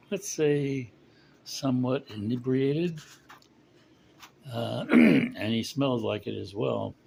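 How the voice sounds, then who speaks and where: A man casually telling a long joke, rambling with fillers and slowing down for punchlines. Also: mid-range voice, gravelly, mellow, a little hiss or hum, poor audio. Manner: rambling, chuckling, slows for punchlines. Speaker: storyteller.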